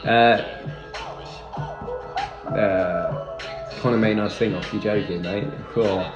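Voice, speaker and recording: Young man, casual streamer chat, lowish voice, echoey room. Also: fairly even intonation, slow, lo-fi sound. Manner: chatty, reads and answers viewer comments. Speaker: livestreamer. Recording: echoey room with music behind.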